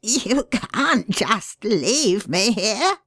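A woman's voice: fairly low pitch, animated, measured pace, fairly bright tone, no echo, pitched above the performer's own voice. A woman voicing a desperate, grovelling ex-mayor who pleads and begs. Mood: pleading.

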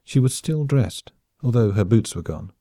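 A man narrating an audiobook in a brisk, wry storytelling manner. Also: medium pitch, expressive, mellow, no room sound, clean studio sound. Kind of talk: scripted narration.

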